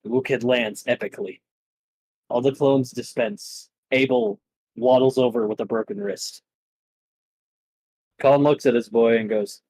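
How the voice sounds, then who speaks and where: A man running a tabletop game as game master, narrating the fight in an unhurried, drawn-out way. His voice sits at a middle pitch, and he tells the action with animated storytelling. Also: gravelly, husky, dry recording, rough recording.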